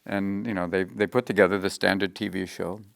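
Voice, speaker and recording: A middle-aged man being interviewed, telling animated stories and jumping into quick voices. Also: sits low, creaky, no echo, clean studio sound. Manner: animated, slips into quick character voices mid-story. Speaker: interview guest, comedian. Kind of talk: anecdotal interview storytelling.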